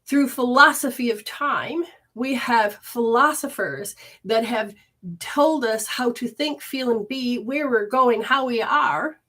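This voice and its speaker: A woman's voice: on the high side, slow. A woman from Michigan hosting a livestream from her living room, giving an informal spiritual teaching and reading viewer comments aloud. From Michigan, USA. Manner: expressive, reads viewer comments aloud warmly.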